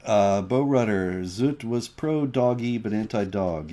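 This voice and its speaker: A man's voice: fairly low pitch, slow, hardly any pauses, mellow. A man co-hosting a livestream, explaining points emphatically and reading out viewer chat comments. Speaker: co-host of a livestream show.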